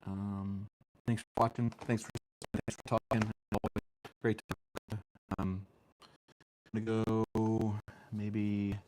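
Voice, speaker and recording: Low-voiced man in rambling chat. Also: little pitch movement, slow pace, long pauses, darkish tone, a little hiss or hum. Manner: rambling, hesitant, many ums and restarts. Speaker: streamer. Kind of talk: casual chat. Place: home room with fan and lights.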